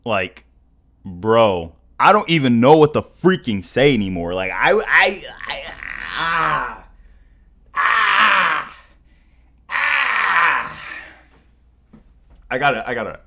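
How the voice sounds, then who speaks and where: A young man hosting a live stream, excitable and stammering, swinging between shouts and mumbles. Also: medium pitch, normal speed. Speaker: livestream host. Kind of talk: casual live stream chat.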